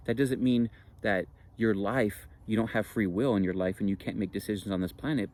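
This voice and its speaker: A man's voice: fairly low pitch, a little mellow, slight background noise. A man speaking earnestly and reassuringly in a spiritual monologue, repeating phrases for emphasis. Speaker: spiritual teacher.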